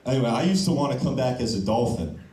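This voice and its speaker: A man's voice: medium pitch, expressive, fast talker, dark tone. A young man doing open-mic stand-up with a loose, punchy delivery, often ending lines on "okay?", on a comedy club stage. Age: young adult. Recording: echoey room, mic from a distance.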